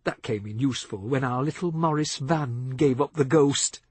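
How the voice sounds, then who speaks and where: A man reading a novel aloud as audiobook narrator, measured and expressive, on a close studio mic. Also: mid-range voice, slightly rough, no room sound.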